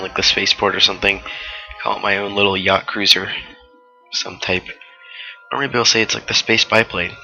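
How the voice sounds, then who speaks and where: A man's voice: lowish voice, bright, forceful tone, poor audio. A fifteen-year-old boy giving a rambling, casual voice-over for his gameplay video, full of fillers and asides about going off topic. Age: 15, teenager. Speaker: let's-play commentator.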